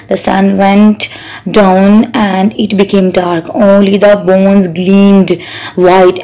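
Woman teacher reading a story slowly, flat voice, stops to explain words. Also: medium pitch, rough recording. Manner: pauses to explain hard words. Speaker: English teacher. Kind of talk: reading a story aloud for students.

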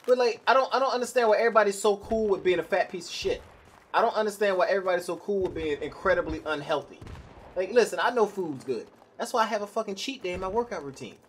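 A man's voice: high voice, fast talker, a little hiss or hum. A young man ranting bluntly and profanely while commenting on his own gameplay. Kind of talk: live gameplay commentary rant.

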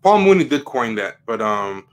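A man's voice: medium pitch, sing-song, moderate pace. A man hosting a livestream, giving casual opinion commentary in a rambling way, with frequent fillers and emphatic rising questions. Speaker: livestream host.

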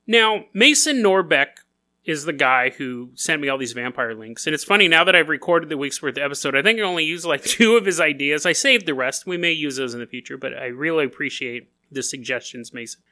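Male podcast host, bright and animated, comedic casual storyteller who keeps laughing. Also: a little high, a little fast. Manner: joking, laughs often, acts out silly voices.

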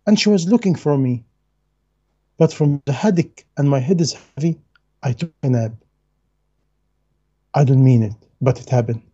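Dark husky lecturing man, earnest. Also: mid-range voice, moderate pace, long pauses, highs cut off. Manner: earnest, emphatic, repeats key phrases; non-native English grammar. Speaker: Islamic lecturer. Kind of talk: religious lecture.

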